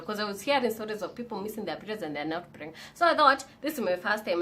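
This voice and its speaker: A young woman from Kenya with a Kenyan accent tells a personal story in a casual vlog, animated and chatty, switching between English and Swahili slang. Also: mid-range voice, a little hiss or hum. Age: young adult. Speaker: vlogger.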